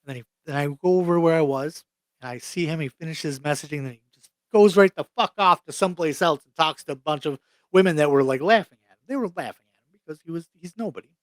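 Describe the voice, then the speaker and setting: A man's voice: on the high side, fast talker, dry recording. A young adult man co-hosting a podcast, ranting bluntly and swearing freely in casual chat. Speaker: podcast co-host.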